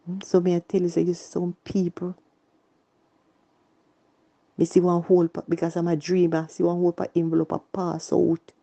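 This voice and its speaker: A woman's voice: lowish voice, monotone, normal speed, gravelly, long pauses, warm tone. A woman with a Jamaican accent telling her personal story in earnest, repetitive Patois. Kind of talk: emotional personal testimony.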